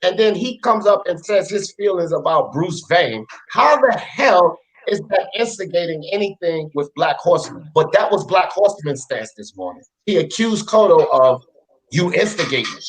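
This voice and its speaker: Heated male talk-show host, high voice swinging all over, profane, hammers points home. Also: lively intonation, normal speed, hardly any pauses, low-quality recording. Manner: fired up, repetitive, profane. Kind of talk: heated live panel rant.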